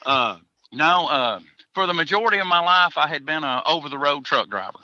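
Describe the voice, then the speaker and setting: A man's voice: on the high side, expressive, fairly quick, pushed and bright, lo-fi sound. A man, a hunter chatting as a podcast guest in a folksy, joking way, chuckling between answers. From Tennessee, USA. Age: 40s. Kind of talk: casual podcast interview.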